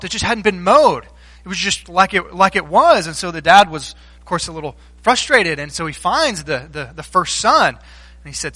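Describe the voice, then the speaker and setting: A male pastor delivers a sermon in a high, forceful voice. The sound is dry and close, with no room echo. He talks like a storyteller, with fillers and restarts, and asks the congregation questions.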